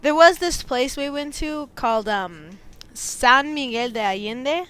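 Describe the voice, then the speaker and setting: A young American woman on a podcast, telling animated stories and laughing often. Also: high voice, measured pace, smooth. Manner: animated storyteller, laughs often, says "like" and "dude". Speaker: podcast co-host. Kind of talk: casual chat.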